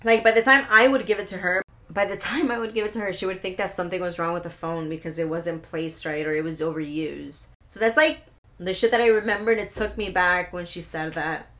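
A woman's voice: fairly low pitch, brisk, a bit bright. A young woman hosting a solo podcast, telling rambling stories with lots of swearing and laughing asides. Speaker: podcast host. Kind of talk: casual solo podcast storytelling.

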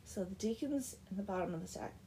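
A woman's voice: mid-range voice, lively intonation, quick pace, dark tone, slight background noise. A young woman casually retelling a folk tale with chatty, sarcastic asides. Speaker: storyteller. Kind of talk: casual comic story retelling.

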